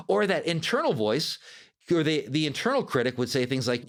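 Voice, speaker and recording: This podcast host, a life coach, talks fairly quickly in a slightly high voice. His motivational monologue comes across as animated and conversational.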